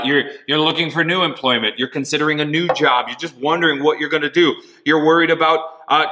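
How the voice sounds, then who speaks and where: A male pastor delivers a sermon in a bright, ringing voice. He talks earnestly and conversationally to his listeners, doubling words as he goes and often dropping into quieter asides. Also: mid-range voice. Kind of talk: sermon with object lesson.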